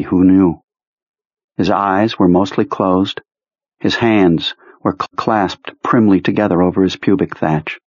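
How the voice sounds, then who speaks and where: Deep, husky male audiobook narrator. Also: darkish tone, no room sound. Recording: dry, slightly muffled recording.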